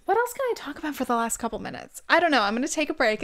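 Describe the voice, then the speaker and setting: Young woman, Californian accent, rambling casual chat, swears, laughs often, close mic, smooth voice. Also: fairly high pitch, sing-song, quick pace, hardly any pauses, fairly bright tone. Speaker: vlog host.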